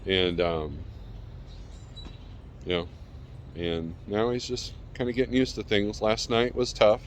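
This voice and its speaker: A man's voice: lowish voice, fairly even intonation, slow, slight background noise. A man chatting casually in a vlog from his backyard, rambling and calling out to his dog between thoughts. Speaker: vlogger. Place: backyard outdoors.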